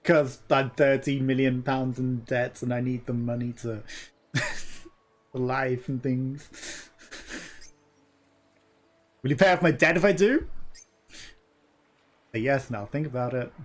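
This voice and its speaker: A man's voice: mid-range voice, steady tone, takes it slowly, long pauses. A man giving casual let's play commentary, joking crudely, laughing often and talking back at the game.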